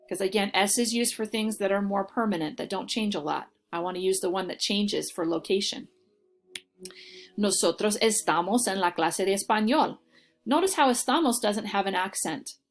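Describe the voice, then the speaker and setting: A woman's voice: mid-range voice, moderate pace. Woman, teacher, patient step-by-step explaining, recorded class lesson. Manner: patient, explains step by step with frequent "okay?" checks. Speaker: Spanish teacher.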